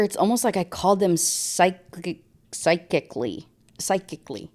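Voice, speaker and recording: A woman's voice: lowish voice, lively intonation, moderate pace, darkish tone. A woman ranting through a book review, sarcastic and exasperated.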